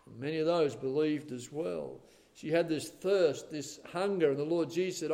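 A man with a high voice preaching a sermon. He speaks earnestly and at a measured pace, and he slows down to stress each scripture quote. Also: vocal fry, warm tone.

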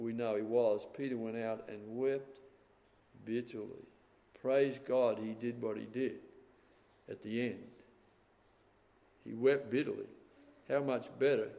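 A man preaches a sermon at a middle pitch. He swings between loud, dramatic passages and soft, hushed ones. His voice rings with a long hall reverb. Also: gravelly.

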